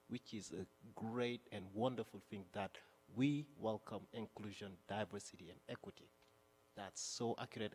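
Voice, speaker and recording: Accented male councilor, impassioned floor speech, reverberant council hall. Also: fairly low pitch. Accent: non-native English. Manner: emphatic, repeats and restarts phrases. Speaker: city councilor. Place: city council chamber. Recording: long reverb of a council chamber.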